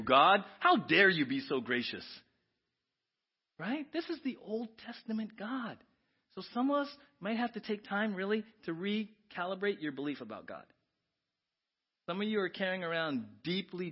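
A man's voice: mid-range voice, highs cut off. A male pastor preaching a sermon, quoting scripture and asking the congregation questions.

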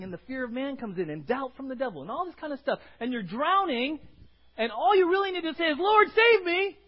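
A man with a high voice preaches a sermon as pastor. He is emphatic, repeats his words and climbs to loud cries. The recording sounds dull and lo-fi. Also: husky.

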